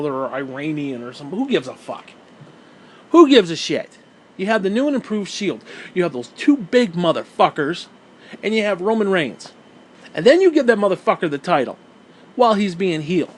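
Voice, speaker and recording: A man's voice: sits high, slight background noise. A man ranting as a wrestling fan, heated, sarcastic and full of swearing. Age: adult who watched wrestling since the 1980s. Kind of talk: profane rant.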